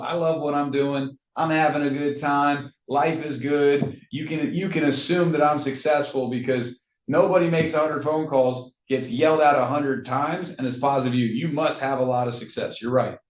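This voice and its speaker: Energetic sales coach man, echoey room. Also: medium pitch. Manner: energetic, acts out call scripts in lively voices. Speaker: real estate sales coach. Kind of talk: coaching talk to agents. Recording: echoey, dull-sounding room recording.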